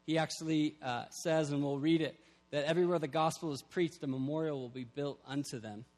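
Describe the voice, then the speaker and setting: A man's voice: fairly high pitch, fairly even intonation, a little fast, a little mellow, soft background music. A young man preaching a sermon, earnest and building to emphatic peaks. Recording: long hall reverb.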